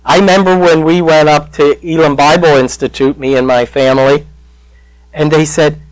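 A man preaching a sermon in a church, slow and emotional, with dramatic pauses and soft drops in his voice. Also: on the high side, fairly even intonation, no echo, rough recording.

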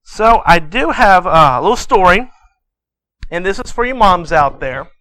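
A man in his thirties preaches to his congregation with a folksy, joking manner. His voice sits high and sounds bright, and the sound is dry and close. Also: lively intonation, normal speed, dry recording. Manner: folksy, joking, acts out a bedtime story; says y'all. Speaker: pastor. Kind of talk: sermon.

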